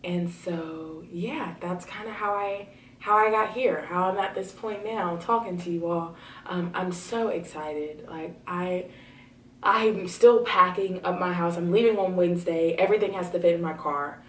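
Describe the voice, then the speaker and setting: Young woman, casual vlog storytelling, low-ish voice, echoey room, a bit off-mic. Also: measured pace. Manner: chatty, many fillers, excited. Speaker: vlogger. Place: home room. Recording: roomy, slightly distant camera audio.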